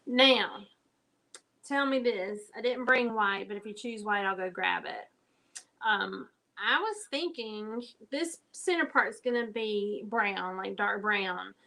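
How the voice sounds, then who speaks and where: A woman's voice: mid-range voice, vocal fry, pushed and bright. A woman hosting a live craft stream, chatting to viewers as she paints. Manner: chatty, talks straight to viewers while working. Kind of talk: casual live-stream chat.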